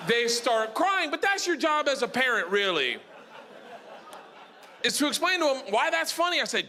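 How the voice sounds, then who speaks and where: A middle-aged man doing a stand-up comedy set on a club stage, telling stories loudly and shouting his punchlines. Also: very high voice, normal speed. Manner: loud, animated storytelling with shouted punchlines. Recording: live club audio with audience noise.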